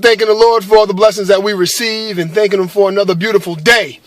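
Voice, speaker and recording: A man's voice: high voice, fairly even intonation, fast, fairly bright tone, dry recording. A man telling a personal faith story to camera in earnest, casual chat, full of fillers and tag questions. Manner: earnest, with many fillers and repeated "right?". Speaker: vlogger sharing a faith story.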